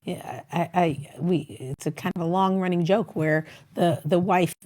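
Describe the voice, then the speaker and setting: A woman's voice: fairly low pitch, fairly even intonation, moderate pace, darkish tone. A middle-aged woman hosting a talk show, giving marriage advice in a rambling, casual way and acting out bits of dialogue. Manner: rambling, acts out little quoted dialogues.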